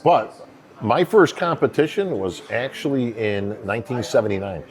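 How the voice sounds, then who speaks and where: A man in his fifties with a New York accent, telling stories as a podcast guest with a distinct, calming voice and plenty of "you know" asides. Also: medium pitch, moderate pace. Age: 50s. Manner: rambling storyteller, many "you know" fillers. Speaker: bodybuilding emcee, guest. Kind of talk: casual podcast conversation.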